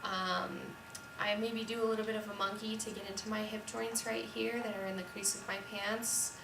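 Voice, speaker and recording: A young woman voice teacher calmly explaining and demonstrating a vocal warm-up at home. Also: medium pitch, moderate pace, creaky, background noise. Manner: calm, explanatory, sings scale demos. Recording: roomy echo, voice from a distance, piano. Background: piano.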